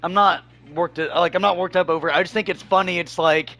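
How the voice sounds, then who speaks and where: A man with a somewhat high, hoarse voice chats casually on a gaming livestream. He rambles through stories, laughs often and swears freely. A faint noise sits under his voice. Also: fairly even intonation, quick pace, bright, forceful tone. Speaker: game streamer.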